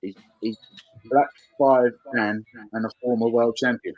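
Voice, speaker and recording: A man's voice: medium pitch, fairly even intonation, unhurried, dull audio, soft background music. A man from England hosting a casual live stream, reading viewer comments aloud with frequent stammered restarts.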